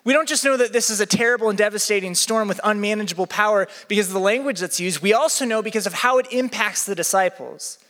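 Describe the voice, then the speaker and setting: A young man preaching as a pastor, telling stories in an animated way and acting out the people in them. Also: quick pace, few pauses. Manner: animated, acts out quoted people with big pitch swings. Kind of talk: sermon with storytelling. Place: church hall with a live audience. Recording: long hall reverb.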